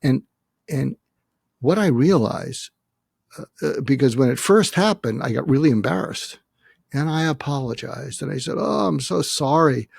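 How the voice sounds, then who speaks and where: A man in his seventies, a psychiatrist guest, talking earnestly and haltingly in a reflective interview, emotional as he faces his own death. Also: mid-range voice, creaky, darkish tone, breathy edge, no room sound, studio quality. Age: 70s. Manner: earnest, halting, many restarts and fillers.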